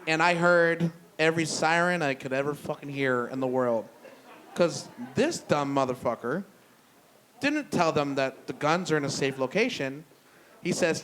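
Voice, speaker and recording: A young man telling a profane stand-up story on a brewery stage, loose and conversational, dropping low for punchlines. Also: normal speed, fairly bright tone, a little hiss or hum. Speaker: stand-up comedian. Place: brewery stage before a live audience.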